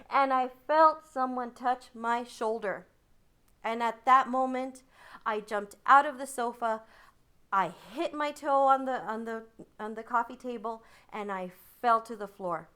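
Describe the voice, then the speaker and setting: A woman telling a childhood story in a vivid, dramatic way, making thunder sounds with her voice and dropping to a hushed tone in the tense parts. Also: high-pitched, unhurried, smooth. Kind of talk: personal storytelling.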